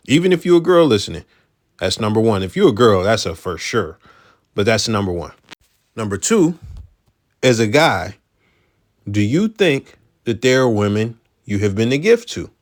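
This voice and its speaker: A man hosting a podcast, giving blunt, emphatic commentary in a conversational way. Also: lowish voice. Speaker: podcast host. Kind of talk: casual commentary.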